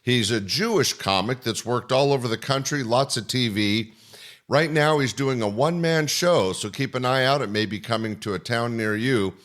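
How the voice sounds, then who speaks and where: A man hosting a comedy podcast, reading his lineup in a friendly, even voice at a middle pitch. He sounds plain and unhurried, like an announcer reading from a script. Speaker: podcast host. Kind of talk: scripted show introduction.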